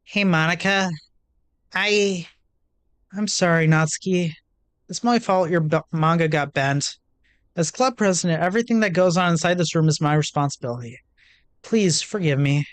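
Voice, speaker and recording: A woman voicing a poised, responsible club president girl who speaks in a measured, composed way. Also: lowish voice, smooth, no echo, lightly acted. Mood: apologetic.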